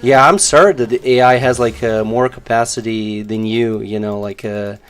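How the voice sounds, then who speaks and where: A man's voice: mid-range voice, steady tone, moderate pace, clear, resonant tone. A man streaming a game, chatting casually and sarcastically, rambling with lots of fillers. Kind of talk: casual live-stream chat.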